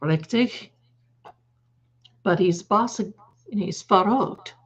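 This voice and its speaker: Slow-talking woman on a dull lo-fi stream. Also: mid-range voice, expressive. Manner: rambling, emphatic, frequent self-corrections. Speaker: live stream host. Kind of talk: casual live-stream commentary.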